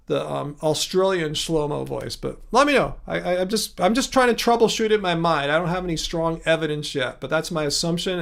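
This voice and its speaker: Guy with a higher voice doing a laid-back livestream from his home studio, reading chat and rambling. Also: fairly bright tone. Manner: chatty, thinks aloud, many restarts. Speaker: livestream host.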